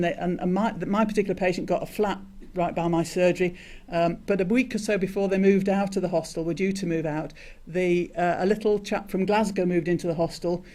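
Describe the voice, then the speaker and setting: An older man with a notably high voice gives a conference talk, telling a story from his years as a doctor. He speaks haltingly, stopping and restarting often and filling pauses with "um" and "uh". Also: a little mellow. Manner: hesitant, many restarts and fillers. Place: conference hall.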